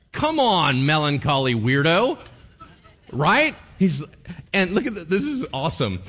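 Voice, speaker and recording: A man preaching a sermon, telling a Bible story playfully and acting out the characters in quick bits. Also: mid-range voice, fairly bright tone, breathy edge. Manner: playful, acts out characters with voices and laughs. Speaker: pastor.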